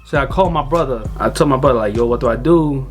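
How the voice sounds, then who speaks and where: A man's voice: medium pitch, fast, faint music behind. A young man vlogging about cars, telling a story casually and animatedly, swearing freely and acting out what other people said. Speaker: car vlogger.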